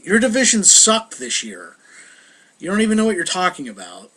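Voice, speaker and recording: A man's voice: sits high, very animated, moderate pace, pauses often, fairly bright tone. A young man ranting in a casual, heated vlog monologue, sounding exasperated. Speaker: vlogger.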